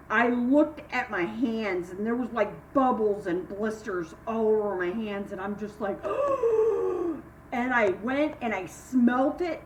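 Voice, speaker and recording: Chatty older woman in an echoey room. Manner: chatty, rambling, acts out quoted voices with sharp jumps in pitch. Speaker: vlogger. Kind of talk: casual chat and storytelling. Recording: echoey room, mic at a distance, faint hiss.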